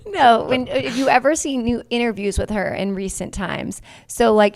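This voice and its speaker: Young woman yapping on a podcast, bit of vocal fry, dry close mic. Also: medium pitch, unhurried, hardly any pauses, darkish tone, dry recording. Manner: playful, chatty, imitates voices. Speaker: podcast co-host. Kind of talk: casual chat.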